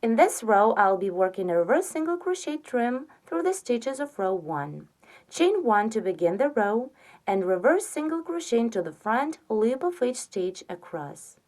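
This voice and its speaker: A woman giving a step-by-step crochet tutorial, patiently counting stitches aloud and softly trailing off on the counts. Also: on the high side, sing-song, moderate pace. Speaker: crochet instructor.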